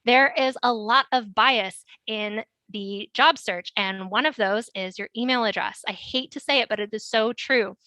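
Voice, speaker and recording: A woman's voice: fairly high pitch, bright, forceful tone, dry recording, poor audio. A woman career coach giving an instructional webinar talk, earnest and emphatic with frequent ums.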